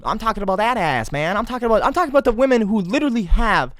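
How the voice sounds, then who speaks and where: Sarcastic ranting man, lively swooping voice. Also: high voice, fast, no echo. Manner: sarcastic, exasperated ranting with crude jokes. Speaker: podcast host. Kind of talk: solo podcast rant.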